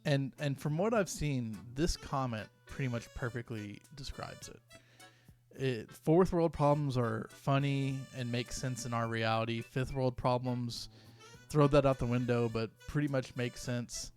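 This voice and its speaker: Young male YouTuber, mid-pitched, rambling comedic commentary with stumbles, faint music underneath. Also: a little slow. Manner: rambling, self-interrupting, reads posts aloud.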